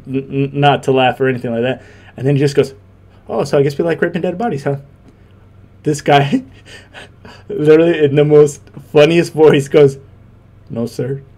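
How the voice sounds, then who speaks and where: A man's voice: medium pitch, a little mellow. A young man and former Marine giving casual reaction commentary, laughing often and rambling with many restarts.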